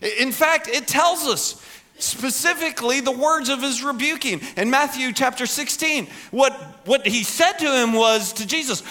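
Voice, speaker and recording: A male pastor preaching a sermon in an animated, conversational way, acting out quoted lines. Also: extremely high pitch, normal speed.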